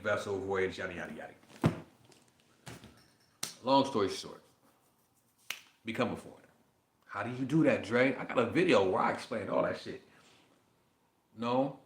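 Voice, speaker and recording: A man's voice: fairly low pitch, creaky, echoey room, slight background noise. A man talking casually and profanely, reading definitions aloud and riffing between them. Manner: profane, animated, riffing between read passages. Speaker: podcast host.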